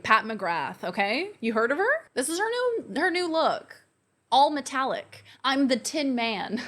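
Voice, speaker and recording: Young woman doing a chatty grwm, high-ish voice all over the place, gushy and jokey. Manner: excitable and gushing, with frequent gasps and squeals; playful, self-mocking banter to the camera. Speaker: beauty vlogger. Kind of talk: chatty get-ready-with-me makeup vlog.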